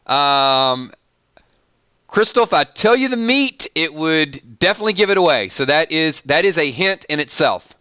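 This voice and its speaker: A man's voice: a little high, sing-song, moderate pace, bright, forceful tone, clear, resonant tone, no room sound. A man with a Southern US accent hosting a live stream, chatting casually and joking as he reads viewer comments aloud.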